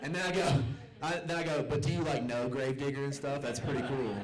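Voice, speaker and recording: A man's voice: mid-range voice, fairly even intonation, fast talker, a crowd in the background. A young man from the American South doing stand-up in a comedy club, loose and self-mocking as he acts out the people in his stories. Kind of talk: stand-up storytelling.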